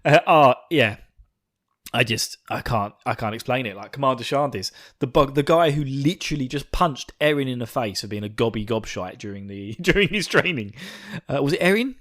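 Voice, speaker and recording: A man hosting a podcast, recapping an episode in a gushing, excitable, swearing way. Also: mid-range voice, normal speed. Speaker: podcast host.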